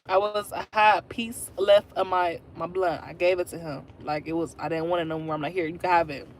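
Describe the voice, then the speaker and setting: A woman's voice: fairly low pitch, fairly even intonation, fairly quick, slight background noise. A woman in her twenties, chatting casually on a livestream and telling her viewers a story. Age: 20s. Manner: chatty, talks straight to viewers. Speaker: livestream host.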